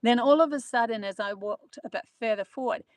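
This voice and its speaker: A woman's voice: fairly high pitch, brisk, no room sound. Earnest rambling New woman. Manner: earnest, rambling, with many fillers. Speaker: spiritual channeler. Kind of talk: live-streamed spiritual talk.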